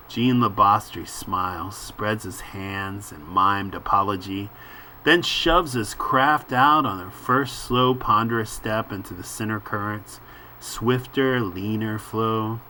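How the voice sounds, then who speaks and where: Guy reading a comic out loud and chatting about it, really slow, bright-edged voice, lots of ums. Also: lowish voice, slight background noise. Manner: unhurried, musing, with filler words. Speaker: comic book reader and commentator. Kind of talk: reading a comic aloud with commentary.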